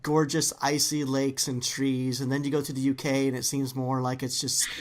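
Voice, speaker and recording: A woman's voice: very deep voice, little pitch movement, normal speed. A woman hosting a casual podcast interview, enthusiastic and rambling as she asks questions. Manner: enthusiastic and rambling, with many fillers. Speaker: podcast co-host.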